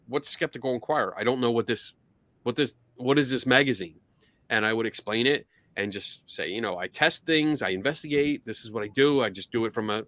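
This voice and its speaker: A man hosting a casual podcast, telling a story with lively acted-out quotes. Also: mid-range voice, no room sound. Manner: animated storytelling, acts out quotes. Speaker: podcast host.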